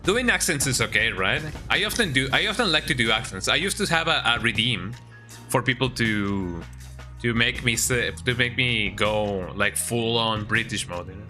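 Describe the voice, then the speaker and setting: A man's voice: medium pitch, expressive, moderate pace, pushed and bright. A man streaming a game, chatting casually with viewers, joking and rambling, often tagging lines with "eh?". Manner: joking, rambling, says "eh?" a lot. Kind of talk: casual livestream chat. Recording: game music behind.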